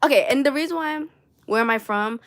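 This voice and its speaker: A woman's voice: high voice, quick pace, a bit bright. A young woman with a New York accent, chatting casually and rambling on a crochet livestream from her room at home, swearing now and then and reading viewer comments aloud. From New York City.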